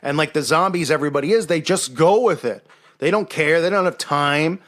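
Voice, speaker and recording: Sarcastic man with a higher voice. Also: a little fast, fairly bright tone. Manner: sarcastic, mocking impressions of others. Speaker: host. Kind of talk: casual monologue.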